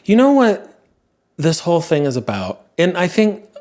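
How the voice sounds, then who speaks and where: A man's voice: high voice, wildly swooping pitch, moderate pace, darkish tone. A young man hosting a podcast, musing earnestly on listener messages in a casual monologue, with sudden emphatic rises.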